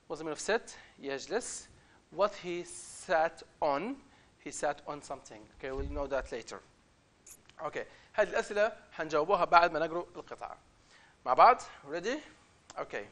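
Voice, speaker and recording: Male English teacher, high voice, patient and repetitive explainer. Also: expressive, racing, a bit bright. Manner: reads the story aloud with emphatic, raised delivery; explains words patiently, repeating phrases. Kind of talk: classroom lesson explaining a reader story.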